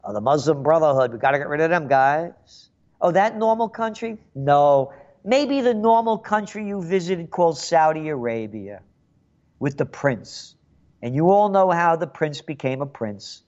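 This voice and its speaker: A man's voice: a little high, animated, normal speed, darkish tone, lo-fi sound. An older man hosting a call-in radio show, rambling and sarcastic, often repeating words. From the Bronx, New York. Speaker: radio talk show host.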